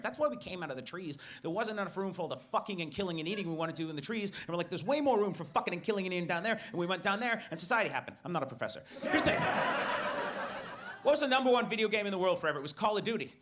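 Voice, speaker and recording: A British comedian rattles through his set at speed in a high, excitable voice. He is profane and animated and keeps lurching into shouted inner voices. Clear noise and audience laughter sit behind him. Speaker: stand-up comedian.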